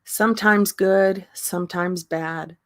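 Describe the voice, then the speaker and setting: A woman hosting a casual livestream, talking slowly with many pauses and ums and often laughing. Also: on the low side, fairly even intonation, no echo. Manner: slow, halting talk with frequent ums and laughter. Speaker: livestream host.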